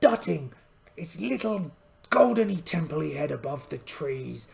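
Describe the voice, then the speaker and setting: Guy doing a gravelly one-eyed pirate captain, polite but boastful, swoops high and low all over. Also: sing-song, a little slow, a little mellow, full character voice. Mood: hearty. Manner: theatrical, exclaiming "Oh!" often. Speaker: solo tabletop game player. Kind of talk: in-character solo game narration.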